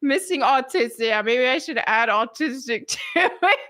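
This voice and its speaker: A woman's voice: high voice, expressive, moderate pace, bright, forceful tone. A woman hosting a live stream in a casual chat, giggling often and mocking what she reads.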